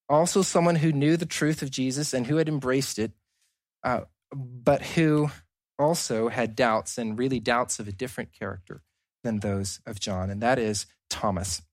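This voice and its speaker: A man's voice: medium pitch, no room sound. A man preaching a sermon, engaging the audience with questions and moving into paraphrased dialogue and scripture readings.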